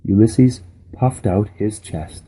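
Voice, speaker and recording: A man reading a children's novel aloud in a steady, unhurried storybook manner. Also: fairly low pitch, slightly rough. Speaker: reader.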